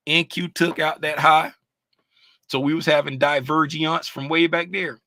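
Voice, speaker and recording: A man's voice: a little high, unhurried. A man walking viewers through price charts in a live lesson, asking the audience questions and drawing out key terms. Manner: animated, sings out terms, asks the audience questions. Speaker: trading educator.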